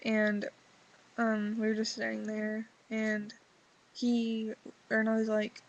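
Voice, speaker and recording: A woman's voice: on the high side, monotone, slow, poor audio. A teenage girl who is sick, reading her journal aloud and then chatting in a rambling way full of fillers. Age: teens. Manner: rambling, filler-heavy teen talk. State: sick, voice lower than usual. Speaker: vlogger. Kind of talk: reading a journal entry, then casual confessional chat.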